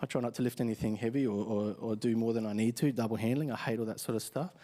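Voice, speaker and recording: A middle-aged pastor giving a casual, joking sermon, asking the congregation questions. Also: male voice, medium pitch, fairly even intonation, quick pace, mellow. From Australia. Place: church hall with congregation.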